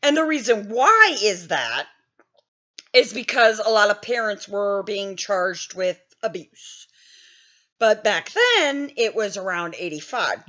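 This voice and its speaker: A woman's voice: mid-range voice, sing-song, slow pace, a bit bright, highs cut off. A woman in her fifties telling a story in a casual, blunt way, laughing often and swearing freely. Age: 50s. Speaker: gaming channel host.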